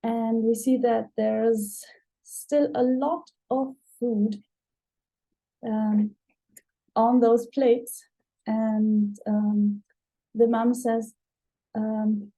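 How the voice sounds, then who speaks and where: Brief: woman player narrating a tabletop game, slow, mellow, halting. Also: fairly high pitch, level tone, poor audio. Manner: unhurried, with many fillers.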